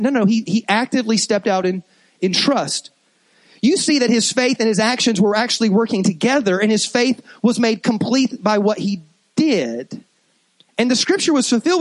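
A man with a high voice preaches to his congregation, animated and conversational, often stopping to restart a phrase. The sound is dry and close, with no room echo. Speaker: pastor. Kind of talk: sermon.

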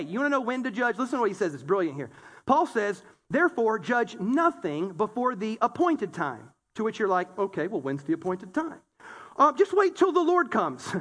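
Male pastor, 30s, very high voice, humorous animated sermon delivery. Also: big-room sound. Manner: animated, humorous storytelling with acted-out quotes.

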